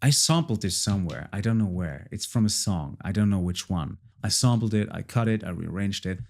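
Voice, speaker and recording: A man's voice: lowish voice, animated, a little fast, vocal fry. Chatty man demoing his music project. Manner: chatty, repeats phrases, many fillers. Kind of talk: casual tutorial walkthrough.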